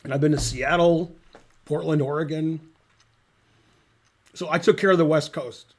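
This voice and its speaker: Middle-aged male chess commentator, slightly high voice, dry and digressive, casual rambling delivery. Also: steady tone, moderate pace.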